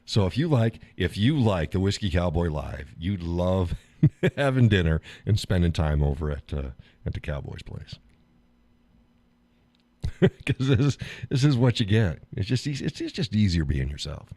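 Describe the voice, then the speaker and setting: A man hosting a live stream, chatting casually about food and his day, laughing often and talking in an animated, blunt way with some swearing. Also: low voice, measured pace, no room sound. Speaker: live stream show host. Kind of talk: casual chat reading viewer comments.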